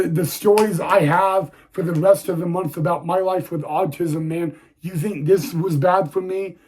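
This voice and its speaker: A young man telling a personal story on his vlog, halting and repeating words, audibly emotional and close to tears. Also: a little high, a little mellow. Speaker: YouTuber.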